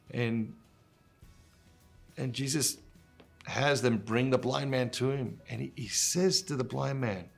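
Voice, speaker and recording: A man's voice: medium pitch, moderate pace, vocal fry, faint music behind. A middle-aged man hosting a Catholic gospel reflection, reading scripture and then talking it over in an earnest, conversational way. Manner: earnest, conversational, with fillers and restarts.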